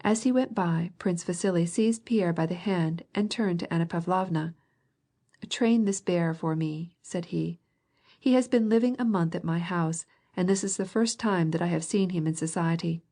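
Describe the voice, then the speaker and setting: Mellow-voiced woman reading an audiobook. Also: lowish voice, moderate pace. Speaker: audiobook narrator. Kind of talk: scripted audiobook narration.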